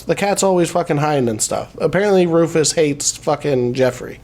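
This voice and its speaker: A man giving a casual movie recap, swearing often and briefly acting out the characters' lines as he retells the scenes. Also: on the high side. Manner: profane, animated retelling with quick acted-out quotes. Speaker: movie reviewer.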